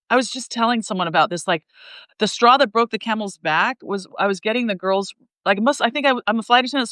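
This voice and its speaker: A middle-aged woman in casual livestream chat, talking loudly and passionately, rambling with many fillers and restarts. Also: mid-range voice, no room sound, poor audio. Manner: loud, passionate talker. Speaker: flight attendant sharing her story.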